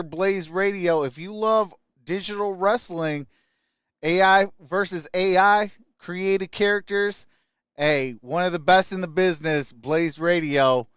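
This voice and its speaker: A young adult man from Michigan hosting a casual sports live stream, greeting chat viewers by name with upbeat shout-outs. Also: sits high, clean tone, no echo, clean studio sound.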